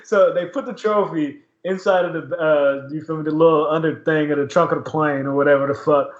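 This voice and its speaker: A man's voice: a little high, a little fast. A man co-hosting a podcast, casually recapping wrestling with lots of slang and laughter. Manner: laughing, slangy, animated retelling. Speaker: podcast co-host. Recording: echoey room, dull lo-fi sound.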